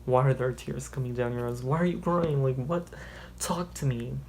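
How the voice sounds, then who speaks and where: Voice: medium pitch, steady tone, moderate pace, vocal fry, noisy background, lightly acted. A reader voicing a worried, caring teenage girl from a teen romance story, speaking in a soothing way. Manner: fretful, soothing. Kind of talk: mock-dramatic reading.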